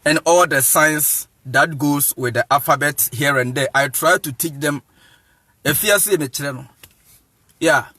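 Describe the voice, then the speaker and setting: Ghanaian man, deliberate teacher cadence, keeps asking if you follow, chuckles. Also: on the high side, bright, forceful tone, no room sound. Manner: insistent, repeats "you see what I'm saying", chuckles often. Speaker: evangelist teaching. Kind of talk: informal lecture monologue.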